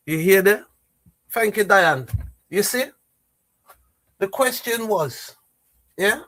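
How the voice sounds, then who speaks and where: A man's voice: high voice, animated, slow, long pauses, a bit bright. A man hosting a livestream, talking casually and rambling with many restarts and repeated phrases. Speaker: livestream host.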